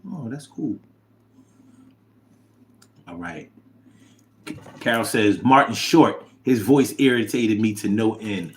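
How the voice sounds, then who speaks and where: A man hosting a casual livestream, reading viewer comments aloud and reacting with animated, chat. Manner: animated, drops to low mumble reading comments.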